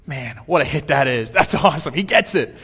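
A pastor preaches with animation and acts out scenes in character voices. His voice sits fairly high for a man and rings with a long echo through a church sanctuary. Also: lively intonation, a little fast, bright, forceful tone, breathy edge. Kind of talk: sermon. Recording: long hall reverb, church.

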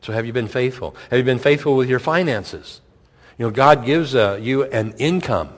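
Middle-aged pastor preaching, casual tone, lots of rhetorical questions, long church-hall echo. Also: male voice, medium pitch, normal speed. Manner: conversational preaching, rhetorical questions, repeats himself. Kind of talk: sermon. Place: church sanctuary.

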